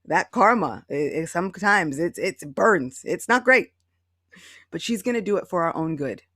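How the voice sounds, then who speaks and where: A woman's voice: lowish voice, lively intonation, normal speed, fairly bright tone, no echo, studio quality. A woman leading a devotional class over a video call, telling stories and acting out quotes as she explains. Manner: storytelling, with acted-out quotes.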